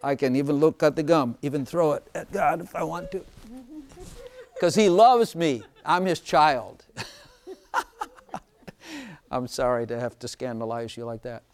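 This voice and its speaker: A man preaching an informal sermon, chatty and often laughing, slowing down to stress scripture lines. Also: on the high side.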